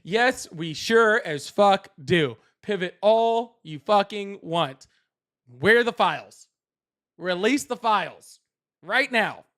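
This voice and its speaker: A man's voice: high-pitched, animated, slow pace, a bit bright. A man hosting a live call-in debate stream, angry, profane and berating.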